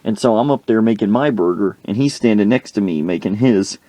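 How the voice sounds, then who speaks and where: A male podcast host telling a comic story from his own life in an animated, slangy way. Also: on the low side, brisk, dry recording.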